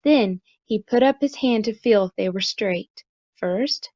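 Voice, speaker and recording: Woman teacher reading a kids story real slow and clear, soft when she talks to the kids, dull lo-fi sound. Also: mid-range voice, no room sound. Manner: slow, deliberate, expressive reading; gentle, soft-spoken instructions. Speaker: preschool teacher. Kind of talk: storybook read-aloud for young children.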